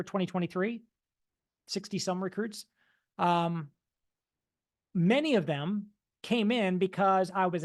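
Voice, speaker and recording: A man giving an energetic motivational talk, mimicking dull and excited voices to make his point. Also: high-pitched. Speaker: motivational speaker.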